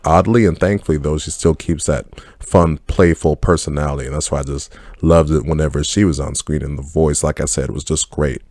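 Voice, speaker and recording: A man's voice: extremely low pitch, fairly even intonation, a little fast, a little mellow, no room sound. A man giving a casual, blunt spoken review of a TV series, swearing freely and speaking his mind. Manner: blunt, profane, candid opinions. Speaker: film and TV reviewer.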